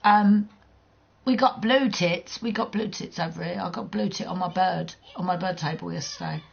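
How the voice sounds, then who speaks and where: A woman's voice: lowish voice, moderate pace, creaky, slightly rough, lo-fi sound. A woman livestreaming a game, chatting casually with viewers in a blunt, teasing way, swearing freely and laughing often. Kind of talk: casual chat while gaming.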